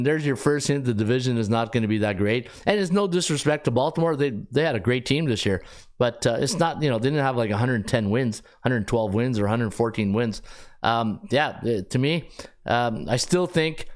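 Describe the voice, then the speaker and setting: A middle-aged man hosting a sports betting podcast, talking casually in an animated, rambling way with frequent restarts. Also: mid-range voice. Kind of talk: casual live-stream talk.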